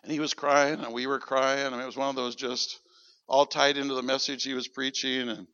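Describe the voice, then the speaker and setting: In church, a man preaches a sermon built around a personal story, animatedly acting out the dialogue he quotes. His medium-pitched voice is smooth and fairly quick. There's no room sound, and the recording has a dull, lo-fi quality.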